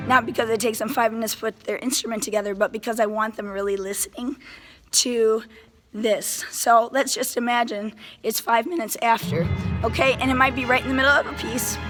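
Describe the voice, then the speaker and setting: A woman band director explaining classroom routines to other teachers in an animated way, often checking in with "right?" She says she is a little sick. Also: fairly high pitch. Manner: animated, enthusiastic, keeps checking in with "right?" and "okay?". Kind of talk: casual how-to lesson to camera. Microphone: handheld phone.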